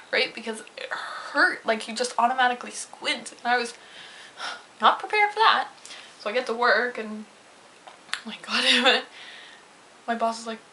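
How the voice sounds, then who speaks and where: A young woman vlogger telling a story from her day in a chatty, animated way, acting out what people said. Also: on the high side, slight background noise, poor audio. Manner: chatty, animated retelling with swearing and quoted voices. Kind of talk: casual storytelling vlog.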